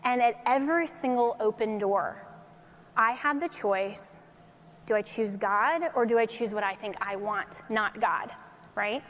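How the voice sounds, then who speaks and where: A woman's voice: a little high, measured pace, a little hiss or hum. Storytelling woman speaker in an echoey hall. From Colorado, USA. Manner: lively storytelling, laughs often. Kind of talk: faith-based motivational talk.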